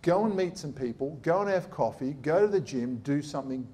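Aussie surgeon guy giving a talk, blunt and sarcastic, warm dark voice. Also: on the high side, animated, fairly quick, a little hiss or hum. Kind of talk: lively public talk.

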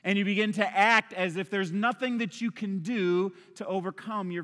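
A male pastor delivers an energetic, conversational sermon from a church stage. His voice is high and bright. A long reverb trails after his words in the hall. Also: normal speed, hardly any pauses.

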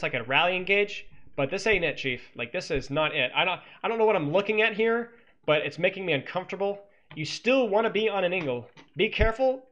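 A man's voice: high-pitched, a bit bright, muffled recording. A man coaching as he analyzes a game replay, teasing and sarcastic, cracking jokes between points. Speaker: esports coach.

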